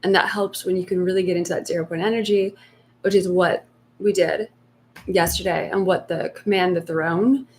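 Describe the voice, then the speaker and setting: A woman giving spiritual coaching on a live stream, speaking softly and slowly and sometimes voicing inner fears in a hushed tone. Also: fairly low pitch, steady tone, a little hiss or hum. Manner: soft, slow and reflective, acting out inner voices in hushed tones. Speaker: meditation coach.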